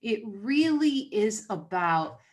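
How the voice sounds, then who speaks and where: A woman hosts a relaxed podcast conversation. Her voice sits in a middle pitch, and she animates her stories by playing out the dialogue she quotes. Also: slow pace. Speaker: podcast host.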